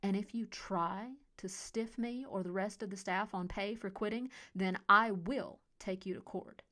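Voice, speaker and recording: A woman's voice: fairly low pitch, level tone, brisk, bright, forceful tone, smooth. Lady playing an angry guy in a storybook, hissing and hostile, standing up to his boss. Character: angry defiant male restaurant manager. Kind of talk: audiobook character voice.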